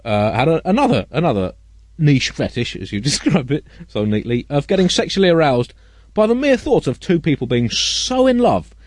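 A man's voice: a little high, very animated, moderate pace, a little hiss or hum. A man co-hosting a comedic news podcast, riffing in rambling, absurd tangents. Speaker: co-host.

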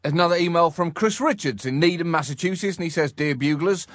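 An English man co-hosting a comic podcast, reading listener emails aloud with an animated, laughing manner. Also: on the high side, fairly quick, no echo. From England. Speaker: podcast co-host.

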